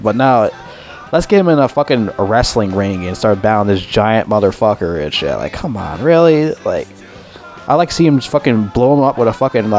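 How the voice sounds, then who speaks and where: A man's voice: on the low side, a little mellow. A man giving a casual, profane movie review, rambling and complaining in an exasperated way.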